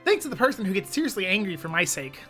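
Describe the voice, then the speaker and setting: A selfless teenage boy hero, read out by a woman in a sincere, steady voice of middling pitch. The voice moves lively up and down, with faint music underneath, as a visual novel is read aloud. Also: rapid-fire. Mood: earnest.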